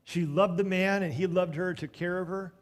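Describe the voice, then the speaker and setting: A man preaching a storytelling sermon, swinging between loud bursts and hushed moments, with joking asides to the congregation. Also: high voice, steady tone, moderate pace.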